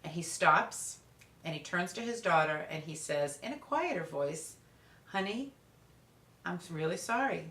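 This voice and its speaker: A woman parenting expert tells lively anecdotes in a storytelling talk. Her voice sits fairly low but sounds bright and forceful. The room around her is echoey. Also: moderate pace.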